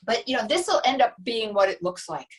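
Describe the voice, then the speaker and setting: Brief: middle-aged woman, high voice, relaxed, talks through her cooking, heard a little off mic. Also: brisk, far from the mic, rough recording. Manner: relaxed, explains step by step with many asides. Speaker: guest. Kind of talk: casual cooking demo chat.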